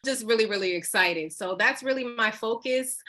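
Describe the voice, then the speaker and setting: A woman from New Jersey, an educator introducing herself to a group, upbeat and enthusiastic, speaking in quick bursts. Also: on the high side, sharp tone. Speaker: educator and business owner. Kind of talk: self-introduction in a group call.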